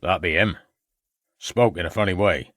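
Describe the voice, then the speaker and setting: A man's voice: deep voice, normal speed, fairly bright tone, dry recording, clean studio sound. A man voicing a terse elderly farmer, in an audiobook. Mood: curt. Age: older. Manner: terse, blunt, dropped words. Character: gruff elderly male rural farmer.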